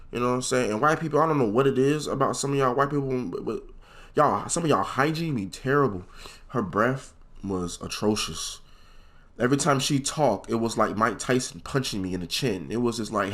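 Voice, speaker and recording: A young man telling a comedic story from his school days in a casual, slangy, profane way, leaping into high voices when he quotes people. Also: moderate pace, a bit bright.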